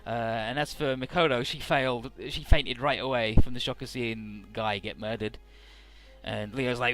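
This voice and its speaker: A man's voice: mid-range voice, steady tone, normal speed, a bit bright. A man giving casual, irreverent let's play commentary, swearing and stumbling over odd names. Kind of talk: casual game commentary, reading dialogue aloud. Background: faint game music.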